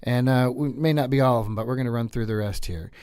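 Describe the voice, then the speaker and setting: A man's voice: mid-range voice, fast, a little mellow, clear, resonant tone, dry recording. A man hosting a podcast in a studio, chatting casually in a rambling, filler-heavy way. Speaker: podcast host and comedian. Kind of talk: casual chat.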